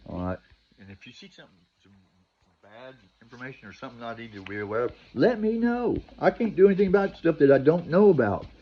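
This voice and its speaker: A man's voice: medium pitch, sing-song, quick pace. An older man talking straight to his viewers in a long, rambling vlog monologue, full of restarts and "you know," ending with preachy advice. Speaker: vlogger. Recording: dull lo-fi recording.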